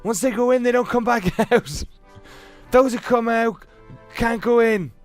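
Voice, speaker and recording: A man's voice: medium pitch, animated, moderate pace, lightly acted. A man voicing a humble, wimpy male bird king who speaks plainly and meekly, over faint game music. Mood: anxious. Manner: plain, meek and blunt.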